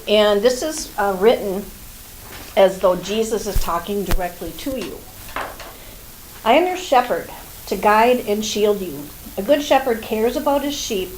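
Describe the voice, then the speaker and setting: A woman's voice: medium pitch, darkish tone, slight background noise, rough recording. Woman reading a devotion, short of breath. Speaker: group participant giving a devotion. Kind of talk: reading devotional text aloud.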